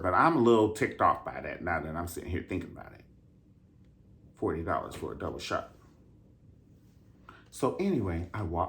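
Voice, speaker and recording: A man telling a story in a casual, profane rant, flamboyant and sassy, with drawn-out emphatic asides. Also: sits low, a bit bright. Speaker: vlogger reviewing a dance concert.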